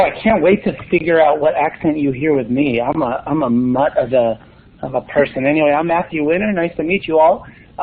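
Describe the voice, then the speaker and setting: A man, a school librarian, presenting on a webinar in an upbeat, enthusiastic, joking way. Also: on the high side. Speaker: school librarian and podcast host. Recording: tinny phone-like line.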